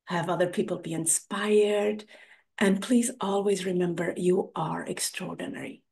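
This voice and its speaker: A woman's voice: on the low side, steady tone, a little slow, gravelly, a little mellow, slightly rough. A woman hosting a podcast in a casual interview chat, affirming her guest and often tagging "right?". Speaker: podcast host.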